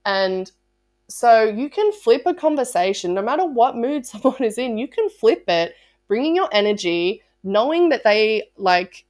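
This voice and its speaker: A woman's voice: fairly high pitch, sing-song, a little slow, darkish tone. A woman talking casually as a sales coach, bubbly and chatty, with lots of "like" fillers. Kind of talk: casual motivational talk.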